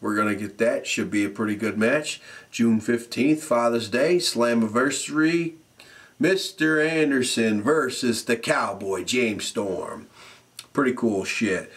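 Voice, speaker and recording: A man giving a casual, profane, animated recap as a show reviewer, often laughing as he talks. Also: mid-range voice.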